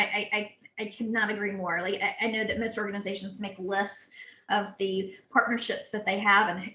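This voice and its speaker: A woman's voice: mid-range voice, pushed and bright, roomy sound, poor audio. A woman hosting an interview, affirming her guest with frequent "mm-hmm" and "yeah" and asking open questions. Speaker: interview host, nonprofit facilitator.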